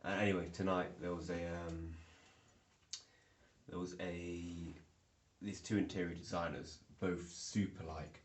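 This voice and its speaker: A man's voice: sits low, little pitch movement, unhurried. A young man rambling through a casual vlog, full of ums and restarts, recorded indoors. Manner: rambling, filler-heavy storytelling. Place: indoor room. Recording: echoey room.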